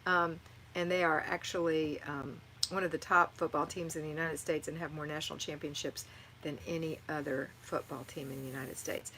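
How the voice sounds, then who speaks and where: A middle-aged woman with a lowish voice hosts a live stream. She reads viewer comments aloud and answers them with warm, motherly encouragement. Faint noise hums underneath. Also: steady tone, moderate pace, rough recording. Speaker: livestream host answering viewer chat. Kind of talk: live-stream chat and home advice.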